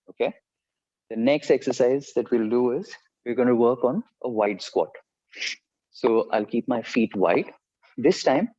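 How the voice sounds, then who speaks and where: A man's voice: mid-range voice, darkish tone, muffled recording. Man counting reps in a workout class. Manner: counts reps aloud, encouraging and direct. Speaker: fitness instructor. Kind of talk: live workout class instruction.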